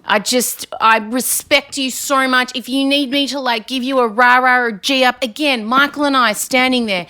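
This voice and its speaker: A woman hosting a podcast, talking in animated, ranty bursts full of swearing and quick asides. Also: high-pitched. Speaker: podcast host. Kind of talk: casual chat.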